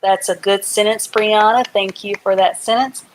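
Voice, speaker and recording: A woman's voice: mid-range voice, steady tone, moderate pace, a little hiss or hum. A woman teaching a live online reading class, patiently sounding out words letter by letter and syllable by syllable.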